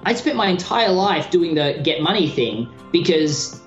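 Energetic Australian man on an echoey line. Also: on the high side, unhurried, faint music behind. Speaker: podcast guest, business coach. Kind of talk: casual interview talk. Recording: echoey, dull remote line.

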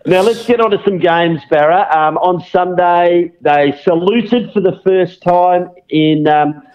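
Measured Australian man, slightly muffled. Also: sits high, clean tone. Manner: measured, steers the talk to the next topic. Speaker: co-host of a football podcast. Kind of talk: casual sports chat. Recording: slightly dull lo-fi audio.

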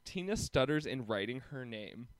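A man's voice: mid-range voice, lively intonation, normal speed, no echo. Man chatting casually in a dry room. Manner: hesitant, lots of ums and restarts. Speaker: podcast co-host. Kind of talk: casual chat recapping a TV episode.

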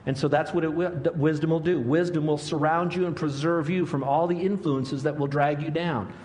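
Man in his sixties, pastor delivering a sermon, fairly high voice, lively storyteller who acts out quotes. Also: normal speed. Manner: animated storytelling, acting out quotes.

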